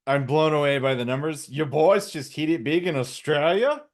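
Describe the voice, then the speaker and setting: A man's voice: fairly high pitch, moderate pace. A sleepy man co-hosting a casual comedy podcast, rambling and self-deprecating, tripping over his words. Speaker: co-host.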